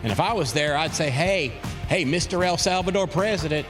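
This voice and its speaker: A man's voice: a little high, fairly quick, close to an everyday voice. A man doing a stand-up impression of a folksy, self-deprecating Midwestern politician, with music playing underneath. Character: comedian impersonating a folksy Midwestern governor.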